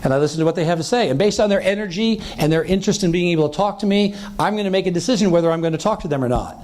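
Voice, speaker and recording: An energetic man giving a seminar talk, his voice set a little higher than most men's. He talks very fast, acting out bits of conversation and often checking in with the room. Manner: energetic, acts out quoted dialogue, keeps checking in with "right?". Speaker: sales trainer. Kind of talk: seminar talk to a live audience.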